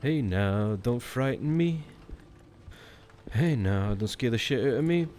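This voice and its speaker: A man's voice: medium pitch, expressive, slow pace, darkish tone, a little hiss or hum. A Scottish man chatting casually as he streams a horror game, jumpy and swearing when something startles him. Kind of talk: let's-play commentary.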